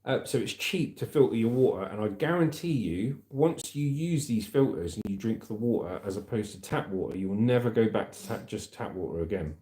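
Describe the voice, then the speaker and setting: Southern English male livestream host, easygoing and matey, low and warm, roomy echo. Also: lively intonation, a little fast, hardly any pauses. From Aldershot, southern England. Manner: laid-back, chatty, calls viewers mate and brother. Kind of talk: casual livestream chat, reading out viewer comments.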